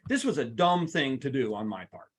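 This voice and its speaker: Animated man lecturing a live seminar. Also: mid-range voice, moderate pace. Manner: animated, talks to the audience, playful asides. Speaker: workplace trainer.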